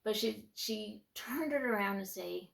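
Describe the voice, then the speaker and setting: A woman's voice: medium pitch, measured pace, vocal fry. A woman in her twenties giving an earnest, reflective personal testimony in a vlog, sometimes dropping to a near-whisper. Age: 20s. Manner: earnest and reflective, with frequent restarts; heartfelt, drops to near-whispers for inner thoughts. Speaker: faith vlogger.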